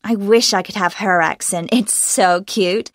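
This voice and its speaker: A woman's voice: mid-range voice, a little slow, no room sound, clean studio sound. A young American woman from Los Angeles, an actress answering interview questions in a bubbly way and laughing often. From Los Angeles, USA.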